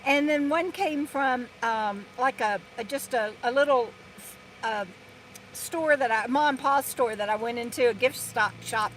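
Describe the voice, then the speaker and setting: A woman chats on a live stream in a bright, high voice, rambling along as she reads out viewer comments. She records from inside her RV, and faint truck noise rumbles through from a parking lot outside. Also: measured pace, low-quality recording. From Texas. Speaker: vlogger hosting a live stream. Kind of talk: casual live-stream chat. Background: loud trucks passing.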